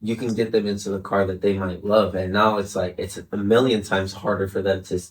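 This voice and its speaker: A man's voice: lowish voice, little pitch movement, brisk, recorded from a distance. A man in his twenties, a podcast interview guest, talking earnestly in a casual way and often checking in with "right?" and "you know". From Chicago area, United States. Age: 20s.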